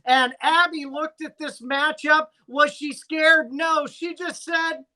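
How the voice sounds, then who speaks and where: Slow, bright-toned man reading matchups. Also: extremely high pitch, steady tone. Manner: dry, teasing, announcer-like recaps. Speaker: podcast co-host. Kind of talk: casual fantasy sports chat.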